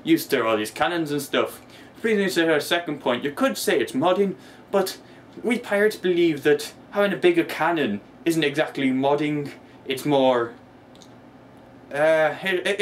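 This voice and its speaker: A man's voice: a little high, slight background noise, natural voice. A man playing a bumbling, boastful pirate captain who reviews a gadget in a weak put-on pirate accent, rambling, with stray growls and self-mocking asides, recorded in his own room on a camera mic. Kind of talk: in-character product review.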